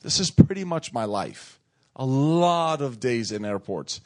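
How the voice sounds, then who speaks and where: A man's voice: medium pitch, expressive, unhurried, a little mellow. A man preaching a sermon, emphatic and repeating phrases for effect, calling on the congregation to respond. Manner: calls on the crowd to respond.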